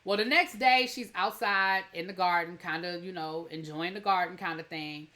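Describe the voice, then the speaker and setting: A woman's voice: on the low side, normal speed, bright, forceful tone, soft background music. A woman hosting a TV review channel, recapping an episode in a chatty, rambling way with many fillers and restarts.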